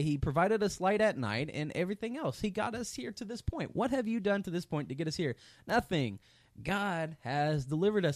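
A man's voice: high voice, lively intonation, brisk, no room sound. Male Bible teacher, casual and filler-heavy, bouncy delivery, dry close sound. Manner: conversational, many fillers, sarcastic asides.

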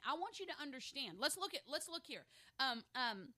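Bright-voiced fervent woman preacher. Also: sits high, big pitch swings, fairly quick. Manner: fervent, checks in with "okay?" and "amen?"; builds from reflective to loud emphatic declarations. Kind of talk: sermon.

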